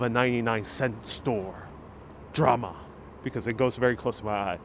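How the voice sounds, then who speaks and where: A man's voice: medium pitch, normal speed, a little hiss or hum. A man hosting a live walking tour outdoors on city streets, joking with viewers and reading out their chat comments into a clip-on mic. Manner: playful, jokey, reads out chat comments. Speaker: livestream walking tour host. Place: outdoors on city streets, then inside a small discount store. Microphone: wireless clip-on mic, phone on gimbal.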